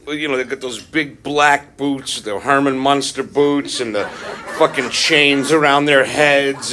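A man doing a profane, confrontational stand-up set, recorded live on a club stage with a handheld mic. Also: fairly high pitch. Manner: profane, confrontational, aggressive punchlines. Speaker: stand-up comedian. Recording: live club recording with loud crowd laughter.

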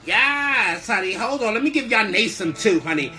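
A man's voice: high voice, animated, normal speed, background noise. A man hosting a live stream in a sassy, flamboyant way, calling everyone honey and baby. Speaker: live-stream show host. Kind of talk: casual live-stream chat.

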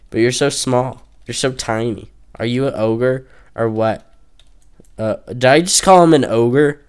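A man's voice: medium pitch, clean tone. A young man giving casual, goofy gameplay commentary, trash-talking opponents and joking around. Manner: goofy, trash-talking, breaks into off-key singing.

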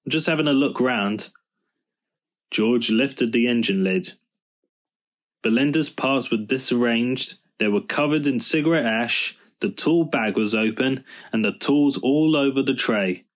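A man reading a children's storybook aloud in a calm, measured narration. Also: mid-range voice. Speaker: storybook reader.

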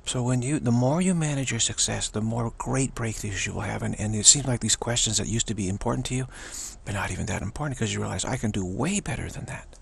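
Husky, gravelly man giving a spiritual pep talk. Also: lowish voice. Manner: earnest, repetitive, halting with restarts. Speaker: spiritual teacher.

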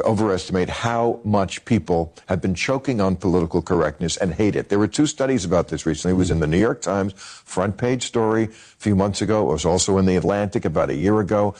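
A man giving measured political analysis as a guest on a TV panel. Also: sits low, darkish tone. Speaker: guest commentator.

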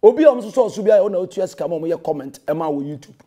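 A man's voice: high-pitched, lively intonation, very fast, warm tone. A Ghanaian man, a pastor, delivering a heated and confrontational rebuttal that scolds a rival and mixes in English phrases.

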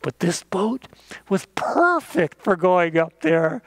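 Pastor guy telling a kids' story, high voice, unhurried, sound effects. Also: sing-song, dry recording. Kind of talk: children's sermon storytelling.

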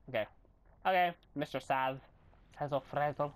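A young man giving rambling, goofy commentary while recording his own game, often bursting into yells and silly voices. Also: mid-range voice, lively intonation, normal speed. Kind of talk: gameplay commentary.

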